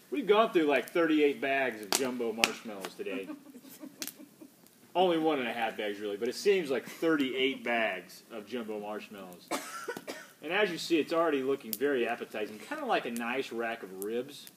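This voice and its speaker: A man's voice: medium pitch, expressive, normal speed, a little hiss or hum. A tired man hosting a casual vlog outdoors by a fire at night. He jokes and rambles as he talks. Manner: joking, rambling. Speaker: vlogger host.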